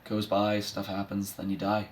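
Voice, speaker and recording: A man's voice: fairly low pitch, completely flat delivery, moderate pace, natural voice. A man playing a bitter, washed-up middle-aged male horse who delivers a sardonic, self-deprecating eulogy for his mother. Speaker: son giving a eulogy. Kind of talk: comedic dramatic monologue.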